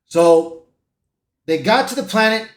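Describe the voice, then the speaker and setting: High-voiced guy rambling through a movie plot, echoey room. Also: expressive, measured pace. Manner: rambling, with restarts. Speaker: movie reviewer. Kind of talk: casual plot recap.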